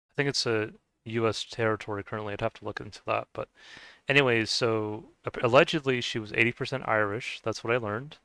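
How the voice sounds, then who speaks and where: A man's voice: lowish voice, a bit bright, clean tone, dry recording, rough recording. A man streaming a game, chatting casually to viewers and rambling with many restarts. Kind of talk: casual chat while gaming.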